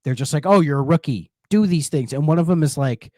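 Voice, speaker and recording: Guy cohosting a podcast, kinda high voice, rambly, throws in goofy voices. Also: brisk, dry recording, clean studio sound. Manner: rambling, animated, acts out game lines in silly voices. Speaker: podcast co-host. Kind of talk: casual chat about retro games.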